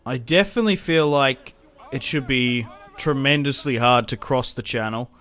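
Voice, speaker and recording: A young man giving casual commentary over a strategy game, chatty and quick to react loudly when things go wrong. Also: mid-range voice, soft background music. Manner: chatty, reacts loudly to setbacks, self-mocking laughs. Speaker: gaming YouTuber.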